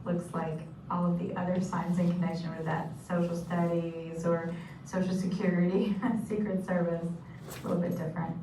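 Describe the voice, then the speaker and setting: A woman's voice: lowish voice, little pitch movement, moderate pace, warm tone. A woman teaching sign language vocabulary, patiently saying each term and repeating it. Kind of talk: instructional explanation. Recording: echoey room from a distance with noise.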